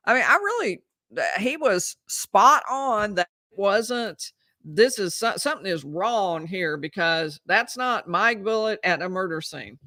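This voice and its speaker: Bright-voiced woman in dry legal commentary. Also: medium pitch, expressive, a little slow, no echo. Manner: conversational, reads out transcript quotes, frequent restarts. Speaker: lawyer and trial commentator.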